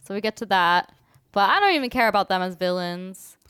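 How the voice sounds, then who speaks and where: Woman cohost, super clear voice, eager little yeahs, dry mic. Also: medium pitch, expressive, fairly bright tone, dry recording. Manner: quick enthusiastic agreement, laughs often. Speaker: podcast co-host. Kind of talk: casual movie-review chat.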